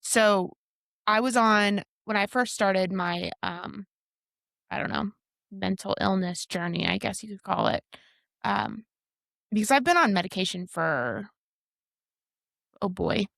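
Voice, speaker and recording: Woman in her 30s, podcast co-host, frank and reflective, gravelly tone, dry close mic. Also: medium pitch, animated, measured pace, pauses often, fairly bright tone, dry recording. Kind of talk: casual chat.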